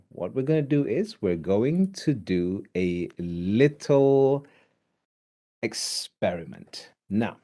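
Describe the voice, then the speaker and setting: A man lecturing an online class, animated and often asking his students questions. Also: medium pitch.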